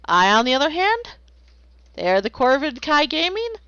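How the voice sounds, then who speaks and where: A woman's voice: sits high, sing-song, moderate pace, a bit bright, dry recording. A woman streaming while she draws, chatting casually and playfully, rambling and making silly noises. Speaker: streamer drawing commissions. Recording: slightly dull lo-fi, dry.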